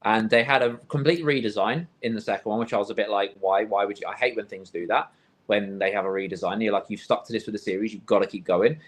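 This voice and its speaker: A man's voice: lowish voice, steady tone, fast talker. A man co-hosting a casual film podcast, telling rambling stories and quoting his own reactions. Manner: rambling storyteller, restarts, quotes himself. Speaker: podcast co-host. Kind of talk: casual chat.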